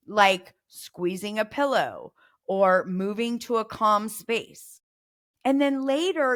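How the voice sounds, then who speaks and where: A middle-aged woman hosting a parenting podcast, coaching listeners and acting out example phrases to say to a child. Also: medium pitch. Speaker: podcast host.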